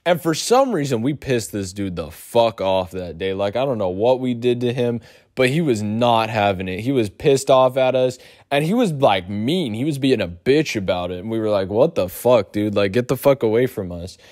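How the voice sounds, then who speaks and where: Young guy ranting a storytime vlog, cursing a lot, voice jumps way up when he gets into it. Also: normal speed. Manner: profane, animated storytelling with big pitch swings. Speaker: YouTuber.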